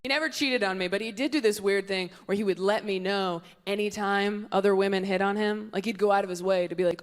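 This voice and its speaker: A woman comedian doing brash, sarcastic stand-up with quick crowd banter. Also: mid-range voice, fairly even intonation, soft background music. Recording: echoey theater with loud crowd noise. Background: audience laughter.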